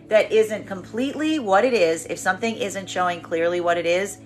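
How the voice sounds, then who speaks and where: A woman giving a tarot reading in an expressive monologue, acting out the voices she quotes. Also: medium pitch, normal speed, few pauses, soft background music. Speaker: tarot reader.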